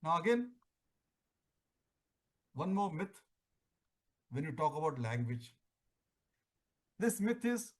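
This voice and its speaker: Slow, emphatic man. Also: fairly high pitch, sing-song. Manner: emphatic, oratorical, with deliberate pauses. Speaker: public speaking trainer. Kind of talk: educational talk on contest speaking.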